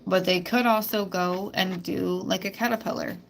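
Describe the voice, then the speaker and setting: A woman's voice: mid-range voice, fairly even intonation, moderate pace, gravelly, a little hiss or hum. A woman hosting a spiritual live stream, talking bluntly and emphatically with plenty of swearing. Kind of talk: casual live-stream monologue.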